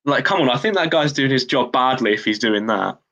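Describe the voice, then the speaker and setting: A man's voice: mid-range voice, animated, fairly quick, pushed and bright, muffled recording. A man co-hosting a livestream, asking teasing questions in a dry, blunt way. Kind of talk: casual livestream chat.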